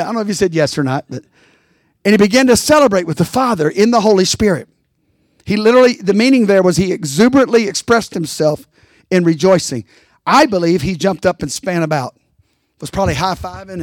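Rousing high-voiced man preaching a sermon. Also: animated, brisk, no echo, studio quality. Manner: rousing, calls out to the congregation. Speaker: pastor.

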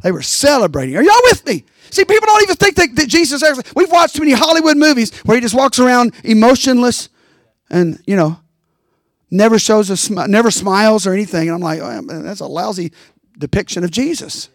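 A man's voice: very high-pitched, lively intonation, fast, no room sound, studio quality. A pastor preaching a rousing sermon, calling out to his congregation.

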